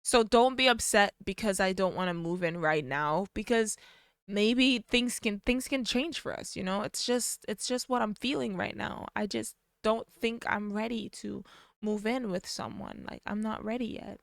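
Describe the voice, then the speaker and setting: A woman doing a gentle, evasive girlfriend, quiet and hesitant. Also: medium pitch, normal speed, creaky, dry recording, studio quality, close to an everyday voice. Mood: soothing.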